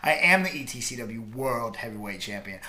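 A man's voice: mid-range voice, expressive, fairly quick, bright, forceful tone. A man bantering casually in a boastful wrestling persona, mock-serious and laughing often. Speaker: co-host, wrestling character. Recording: roomy echo.

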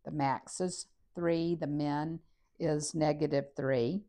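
A woman teaches a recorded math lesson, working on a graph and talking through each step in a steady, methodical way. Her voice is deep, and she takes her time.

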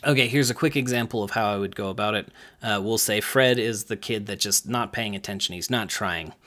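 A man who coaches gymnastics, talking loosely about handling kids, with many fillers and quick acted-out lines. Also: on the low side, pushed and bright. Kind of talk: casual coaching talk to camera.

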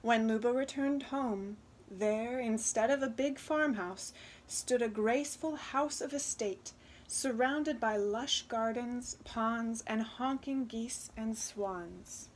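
A woman reading a children's storybook aloud, expressive and unhurried. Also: a little high, slight background noise. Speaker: children's book reader.

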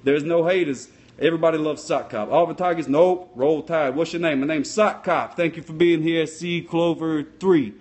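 A man's voice: on the high side, normal speed, few pauses, a little mellow, natural voice. A man voicing a dopey, boastful sock-puppet cop who rambles in a comic question-and-answer. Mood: rambling. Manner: rambling, dim-witted bravado.

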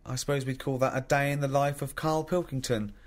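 A man's voice: medium pitch, steady tone, brisk. A man hosting a podcast, teasing his guest with prodding questions and laughing often. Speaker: podcast host. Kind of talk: casual podcast chat.

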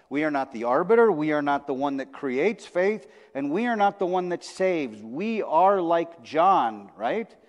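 A male pastor giving a sermon in a conversational preaching style, repeating phrases for emphasis. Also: medium pitch. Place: church sanctuary. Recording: long church reverb.

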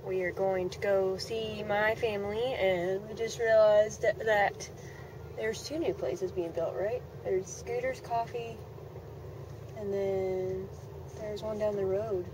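A chatty woman vlogs from a moving car, rambling along with easy fillers. Her voice sits at a medium pitch. Road noise hums clearly behind her. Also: steady tone, slow pace. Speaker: vlogger. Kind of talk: casual vlog chat.

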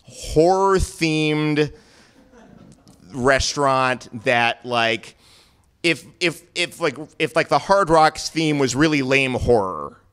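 Animated, profane male storyteller. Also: fairly high pitch, slow, smooth. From New York City. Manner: animated, profane, self-mocking, acts out quoted voices. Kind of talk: live comedic storytelling. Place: stage at a live storytelling show.

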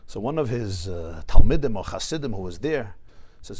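A man, a rabbi giving a Torah class in a study hall, who tells stories with lively shifts and sprinkles in Yiddish and Hebrew terms. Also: fairly low pitch, normal speed, slightly rough. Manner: animated storyteller mixing in Yiddish and Hebrew terms.

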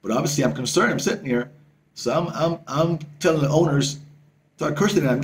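A male travel vlogger telling a story to camera in a casual, excitable way, swearing freely and repeating himself. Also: on the high side, fairly quick, background noise.

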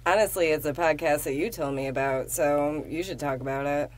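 Low-voiced teasing woman podcast co-host. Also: fairly quick. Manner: teasing, brash, swears playfully. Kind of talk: casual chat.

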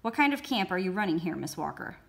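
A woman's voice: lowish voice, fast talker, close to an everyday voice. A woman voicing a stern, authoritative male attorney general who speaks in a formal, commanding way.

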